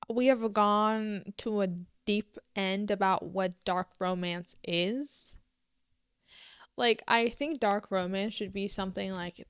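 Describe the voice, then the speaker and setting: A woman's voice: a little high, smooth, no echo, clean studio sound. A young woman vlogging about books in a casual, rambling way, joking and full of fillers, sometimes breaking into mock panic. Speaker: booktok vlogger. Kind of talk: casual chat to camera.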